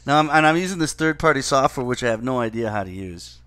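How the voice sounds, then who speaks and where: Distracted man muttering over software. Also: mid-range voice, expressive, fast, clear, resonant tone, dry recording. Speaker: podcast co-host. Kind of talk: casual chat.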